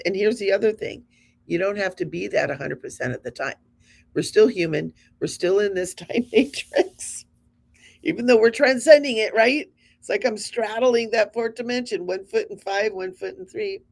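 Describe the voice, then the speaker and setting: A woman's voice: mid-range voice, vocal fry, darkish tone. A woman in her fifties hosting a spiritual show, talking to her audience in an earnest, encouraging, conversational way. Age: 50s.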